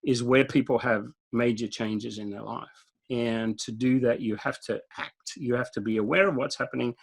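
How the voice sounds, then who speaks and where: A medium-pitched male voice with vocal fry and a breathy edge, moving at a moderate pace, comes through a rough recording. He's an Australian guest in a casual interview, telling stories directly and chuckling often.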